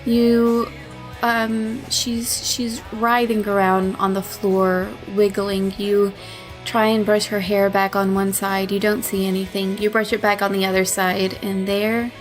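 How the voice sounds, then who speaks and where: A woman narrating a tabletop role-play game as game master, relaxed and casual, with fillers and laughs. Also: mid-range voice, measured pace, soft background music.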